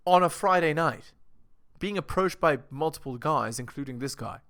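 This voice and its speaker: A man talks over clips in a reaction video, his fairly high voice swinging up and down with lively intonation. He lectures his audience and keeps asking them rhetorical questions. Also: moderate pace. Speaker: video commentator. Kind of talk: reaction commentary.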